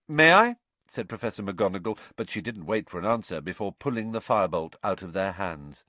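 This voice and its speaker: A middle-aged man narrating an audiobook in a measured, expressive way. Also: deep voice, no room sound. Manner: expressive, measured, varied intonation.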